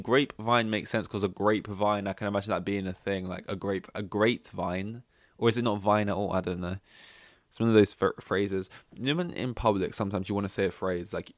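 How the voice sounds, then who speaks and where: A man's voice: fairly low pitch, dry recording. Rambling man, dry close sound. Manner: rambling, self-interrupting, joking asides. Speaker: podcast host. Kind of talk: casual solo podcast chat.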